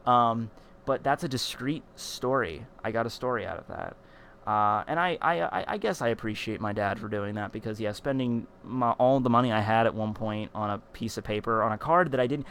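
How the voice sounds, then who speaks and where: A man at a middle pitch tells a story straight to his vlog camera. His talk is animated and rambling, full of fillers, repeats and restarts. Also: brisk, slight background noise. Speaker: vlogger.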